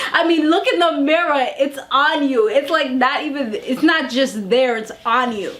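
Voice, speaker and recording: Chatty woman with a higher voice. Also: normal speed, hardly any pauses. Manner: animated, slangy, chatty. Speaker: reality TV reviewer. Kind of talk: casual recap vlog.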